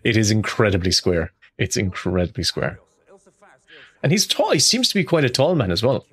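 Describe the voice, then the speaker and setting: Low-voiced chatty male podcast co-host. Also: very animated, a bit bright, husky. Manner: chatty, recaps the plot, quick asides. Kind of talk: casual film commentary chat.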